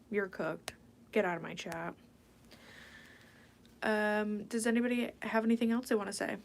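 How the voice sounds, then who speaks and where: A woman at a mid-pitched speaking level runs a casual ASMR livestream. She answers her viewers in a playful, meandering way and often drops into a breathy whisper. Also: steady tone, normal speed, pauses often, a little hiss or hum. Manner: casual rambling, drifting into whispered asides; chatty and playful, reading viewer questions aloud. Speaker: ASMR livestream host reading chat.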